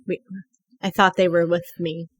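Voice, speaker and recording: A woman playing her character in a tabletop game, speaking in an earnest, halting way. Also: on the low side, flat delivery, slightly rough, no echo, studio quality. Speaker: player. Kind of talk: in-character tabletop role-play.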